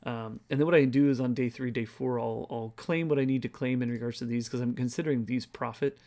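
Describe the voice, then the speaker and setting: A man's voice: mid-range voice, steady tone, fairly quick, mellow. A tired man talks through his screen in a loose, rambling way, reading figures aloud as he goes. His voice sits in an ordinary middle range, and he yawns his way through the walkthrough. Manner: rambling, thinks aloud, reads numbers off screen. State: tired, yawning. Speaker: crypto video host. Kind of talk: casual screen-share walkthrough.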